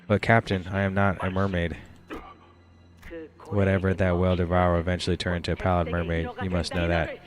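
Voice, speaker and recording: A man's voice: sits low, completely flat delivery, fairly quick, over music, close to an everyday voice. A man voicing an anxious young female sailor who pleads with her captain. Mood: pleading.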